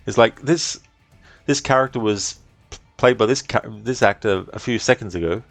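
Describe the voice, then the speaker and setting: A man with a mid-range voice streams a game at a measured pace, with no echo and soft background music. He's relaxed and chatty, reading chat aloud, swearing now and then, and laughing often.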